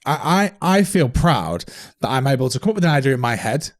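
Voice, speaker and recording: A man, a podcast guest telling stories in a brisk, animated way and swearing freely. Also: medium pitch. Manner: fast, swearing, animated storytelling. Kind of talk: casual interview chat.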